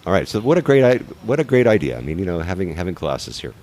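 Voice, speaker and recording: A man's voice: sits low, sing-song, quick pace, darkish tone, slight background noise. A man hosting a travel show, chatty and enthusiastic, interviewing a chef on an outdoor rooftop bar. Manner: chatty and enthusiastic, repeats words. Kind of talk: casual interview.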